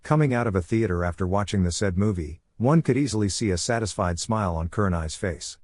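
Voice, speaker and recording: A man narrating a fan fiction story in a steady, even reading. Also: on the low side, fast, no room sound, clean studio sound.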